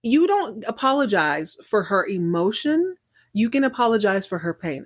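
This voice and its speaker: A woman's voice: mid-range voice, sing-song, normal speed, husky, no echo, clean studio sound. A woman podcast host giving an outspoken, emphatic recap of a TV episode, often restarting with repeated words.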